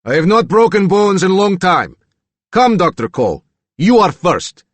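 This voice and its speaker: A man's voice: mid-range voice, big pitch swings, moderate pace, dry recording, pitched above the performer's own voice. A man voicing a menacing, violent young man alter who speaks with a Slavic accent in clipped, broken English.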